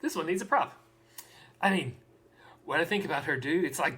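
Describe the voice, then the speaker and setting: A man on a stream doing cold, deliberately deadpan dramatic readings of excerpts. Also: a little high, breathy edge. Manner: deliberately deadpan, over-earnest delivery.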